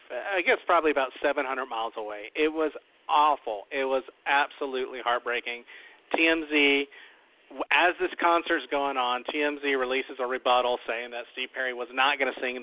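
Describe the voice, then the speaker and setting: A man hosting a talk show, telling a long story in a loose, rambling way and often repeating himself. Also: mid-range voice. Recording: tinny phone-like line, dry.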